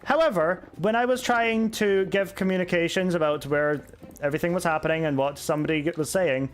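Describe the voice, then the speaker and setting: A man's voice: fairly high pitch, brisk, soft background music. A young man streaming a game, chatting casually and answering chat with sarcasm and swearing. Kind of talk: casual live-stream chat while gaming.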